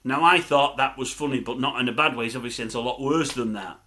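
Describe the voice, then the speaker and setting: A man's voice: mid-range voice, quick pace, bright, forceful tone. An older man, rambling to camera as a vlogger in a grumbling, chatty storytelling style.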